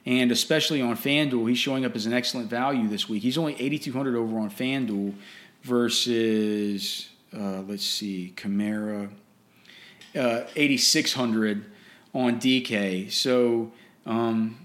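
A man's voice: medium pitch, steady tone, unhurried, fairly bright tone. A man giving casual fantasy football and betting commentary in a blunt, opinionated way, often restarting and repeating words.

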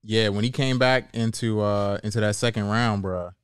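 A young man co-hosting a casual MMA podcast, chatting in a relaxed, slangy way. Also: fairly low pitch, normal speed, clean tone, no echo, studio quality. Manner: laid-back banter, slangy, laughs often. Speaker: podcast co-host.

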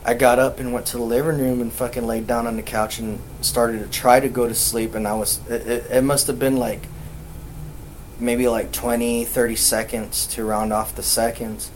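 A man's voice: medium pitch, little pitch movement, normal speed, slight background noise, low-quality recording. Profane rambling man telling a ghost story. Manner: profane, rambling, acts out quotes loudly. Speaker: podcast co-host. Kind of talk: casual storytelling chat.

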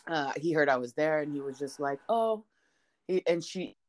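A woman telling family stories in a casual podcast chat, animated and swearing, acting out the people she quotes. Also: sits low, fairly quick. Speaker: podcast co-host.

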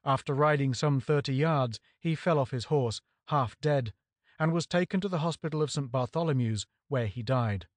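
A man reading a history book aloud in a measured, even audiobook narration. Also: medium pitch, dry recording. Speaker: audiobook reader.

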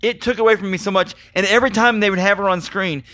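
Animated man chatting about movies. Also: sits high, fast talker, dry recording. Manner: animated, rambling, gets excited. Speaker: podcast host. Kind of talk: casual movie review chat.

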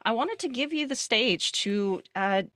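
A woman's voice: on the high side, animated, unhurried, a bit bright, no echo. A woman hosting a podcast, asking questions in a chatty, hesitant way full of fillers. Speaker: podcast host. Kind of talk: casual interview.

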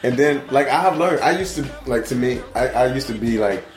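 A man's voice: medium pitch, animated, fairly quick, echoey room, faint music behind. A man co-hosting a podcast in casual banter, laid-back and wry, telling stories and laughing along. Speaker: podcast co-host.

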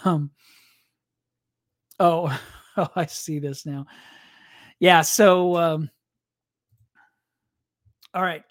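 A man hosting a casual sports podcast, rambling and halting with lots of fillers and restarts while he reads viewer comments. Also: fairly high pitch, steady tone, dry recording, clean studio sound. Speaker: podcast host. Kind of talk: casual live-stream sports podcast chat.

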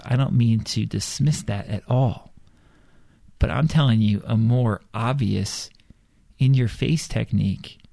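Man, self-help teacher, gravelly voice; blunt, profane, emphatic delivery; dry close sound. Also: lowish voice, darkish tone, no echo. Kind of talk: motivational monologue.

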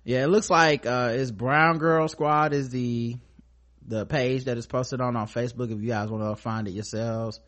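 A man's voice: mid-range voice, fairly even intonation, normal speed, fairly bright tone. A male podcast host talking casually about news, sarcastic and profane.

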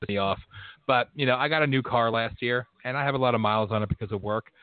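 A man's voice: mid-range voice, fast, clean tone, no room sound. A man hosting a casual conversation, telling a story bluntly with plenty of profanity and getting more worked up as he goes. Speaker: host. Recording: tinny phone-line audio.

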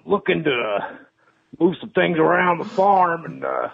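Man, prank caller, gravelly high voice, tinny phone line. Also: measured pace, a little hiss or hum. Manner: rambling, aggressive, threatening. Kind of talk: prank call.

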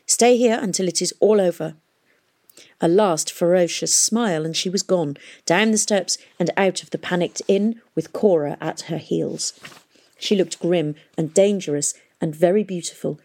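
A woman narrating a novel in a steady, expressive reading voice. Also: on the low side. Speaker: audiobook narrator. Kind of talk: storybook narration.

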